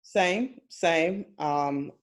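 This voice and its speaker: Her voice is deep and her pace extremely slow as this woman co-hosts a laid-back sports podcast. She rambles through long turns, hedges frequently, and laughs in the gaps between ideas.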